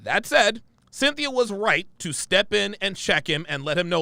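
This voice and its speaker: Gravelly, forceful male commentator. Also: high-pitched, very animated, moderate pace, no echo. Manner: emphatic, repeats lines with "right?" and "okay?". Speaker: commentary host. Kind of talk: reaction commentary.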